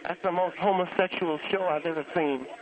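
A man's voice: a little high, steady tone, a little fast, lightly acted. A man voicing a cranky, church-going elderly aunt who calls in and grumbles bluntly about everything. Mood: grumbling. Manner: blunt, grumbling, rambling complaints. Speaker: caller. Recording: tinny phone line.

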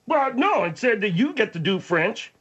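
A man's voice: high voice, very animated, normal speed, fairly bright tone, breathy edge, voice pushed up, heavily acted. A man voicing a dim, mumbling young guy who talks in slang. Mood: dopey.

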